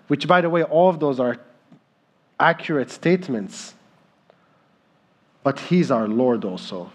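A man in his thirties preaching a sermon as pastor, slow and emphatic in delivery. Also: mid-range voice, expressive.

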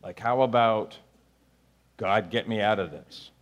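A man preaching a sermon, rising to near-shouted pleas and dropping to a low, quiet voice. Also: unhurried, muffled recording. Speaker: pastor.

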